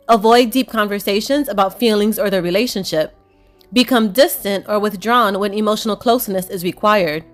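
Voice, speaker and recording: Woman narrating a relationship lesson. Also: mid-range voice. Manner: measured, explanatory delivery. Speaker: relationship coach. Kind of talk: scripted narration.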